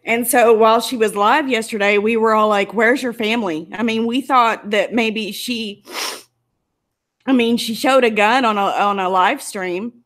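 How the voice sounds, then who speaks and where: A woman vlogger talks straight to her viewers in an angry, emotional commentary. Her voice sits a little high and keeps a tearful, indignant edge, as if she is holding back crying. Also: normal speed, fairly bright tone. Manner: emotional, indignant, close to tears. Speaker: YouTuber.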